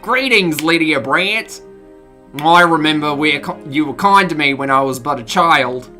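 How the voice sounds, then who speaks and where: Hearty old pirate type, theatrical and growly, slow delivery, done by a streamer. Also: medium pitch, sharp tone, faint music behind. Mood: warm greeting. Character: hearty older man with a pirate voice.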